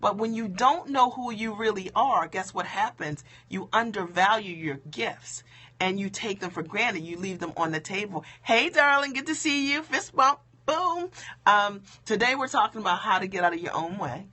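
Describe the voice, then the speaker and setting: A woman business coach talking to viewers on a live stream, emphatic and conversational, checking in with "okay?" and "right?", a bit low-key because it is late. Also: animated, normal speed, pushed and bright. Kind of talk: motivational live stream talk.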